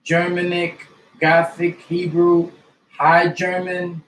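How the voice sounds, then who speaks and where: A man slowly reading a list of dictionary abbreviations and language names aloud, one item at a time. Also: high-pitched, monotone, a bit bright, a little hiss or hum. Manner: slow, deliberate list reading. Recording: echoey room.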